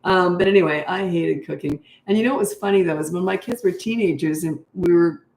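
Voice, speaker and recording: A woman's voice: fairly low pitch, a little fast, darkish tone. Chatty older woman in an echoey room. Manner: chatty, frank and laughing easily. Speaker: parenting coach. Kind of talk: answering interview questions. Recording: roomy echo.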